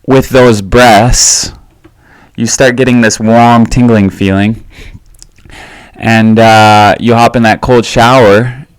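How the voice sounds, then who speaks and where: A man hosting his own solo podcast, talking casually in a relaxed, rambling way with lots of fillers and little chuckles. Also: mid-range voice, clear, resonant tone, no echo. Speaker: podcast host.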